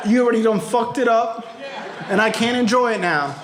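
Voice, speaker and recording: A man in his thirties telling his recovery story to a convention audience, in a raw, profane, emphatic way that rises to shouts. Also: extremely high pitch, normal speed, noisy background. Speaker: recovery speaker. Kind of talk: storytelling talk to a crowd. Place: convention hall before an audience.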